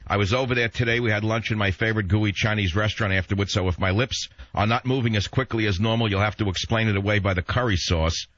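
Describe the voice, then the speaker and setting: A man's voice: on the low side, fairly even intonation, fast talker, few pauses, fairly bright tone, no room sound. A man from San Francisco hosting a talk radio show, sarcastic and combative, firing rhetorical questions. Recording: dull dry lo-fi radio recording.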